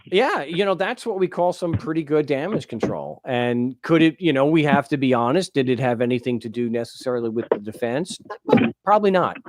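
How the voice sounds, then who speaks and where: A man hosting a call-in talk show, encouraging his caller and thinking aloud with halting restarts. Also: mid-range voice, expressive, no room sound. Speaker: show host.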